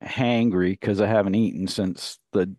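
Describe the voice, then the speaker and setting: Male radio co-host, low and dry, loose rambling storyteller who laughs at himself. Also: steady tone, unhurried, a little mellow, dry recording. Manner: rambling anecdotal storyteller, laughs at his own stories. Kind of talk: casual radio banter.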